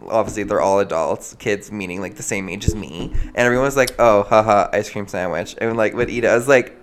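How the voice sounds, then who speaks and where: A man's voice: fairly low pitch, fast. A young man co-hosting a podcast, chatting casually and telling stories animatedly, full of "like" and acted-out quotes. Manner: animated storytelling, heavy use of "like", acts out quotes. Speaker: podcast co-host. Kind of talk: casual chat.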